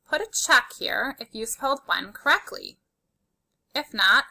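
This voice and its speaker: A woman's voice: mid-range voice, animated, moderate pace, vocal fry, pushed and bright. A woman teaching a spelling lesson to young children, patiently sounding out letters and praising their work. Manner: encouraging and praising.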